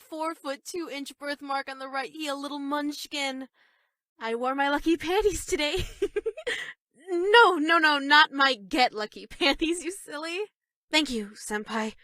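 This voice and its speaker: A woman voicing an obsessive, lovestruck teenage schoolgirl in game dialogue, giggly and breathy, swinging between gushing and dark murmurs. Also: high-pitched, no room sound, clean studio sound.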